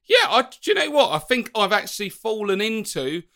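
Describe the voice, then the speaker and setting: A man's voice: high voice, sing-song, fairly quick, sharp tone. A man chatting as a guest on a comedic podcast, easygoing and laughing along.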